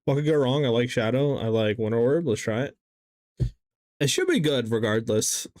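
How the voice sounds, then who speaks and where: A man's voice: medium pitch, sing-song, moderate pace, darkish tone, no room sound, studio quality. A man streaming a game live, chatting casually in a rambling way with lots of fillers as he answers chat.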